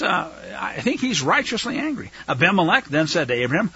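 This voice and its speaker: A man's voice: sits high, sing-song, fairly quick, hardly any pauses, sharp tone, slightly rough, dry recording. A man teaching through a Bible passage verse by verse, reading it aloud, explaining Hebrew words and adding casual, chatty asides. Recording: dull lo-fi recording.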